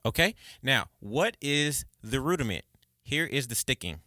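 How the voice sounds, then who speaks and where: A man teaching drums in a casual video lesson, counting beats and calling stickings loudly, then chatting expressively. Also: mid-range voice, moderate pace, over loud music. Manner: chatty, expressive, says okay and right often. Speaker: drum teacher.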